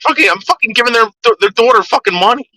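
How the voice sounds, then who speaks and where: A man's voice: very high-pitched, expressive, fast, bright, forceful tone, no echo, low-quality recording. A man ranting on a livestream, swearing heavily and repeating himself as he gets worked up. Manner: profane, agitated, repeats himself. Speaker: livestream host.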